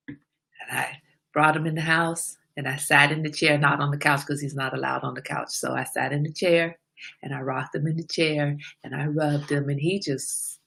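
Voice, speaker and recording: Bright-voiced woman hosting a live chat. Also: sits low, vocal fry. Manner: animated storyteller, greets viewers and answers comments mid-story. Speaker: livestream host. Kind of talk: casual livestream chat.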